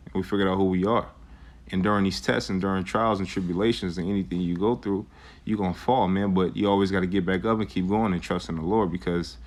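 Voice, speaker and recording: A young man talking casually about faith, full of slang and "you know," reading old verses aloud. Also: sits low. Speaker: vlogger sharing scripture. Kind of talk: casual religious talk and scripture reading.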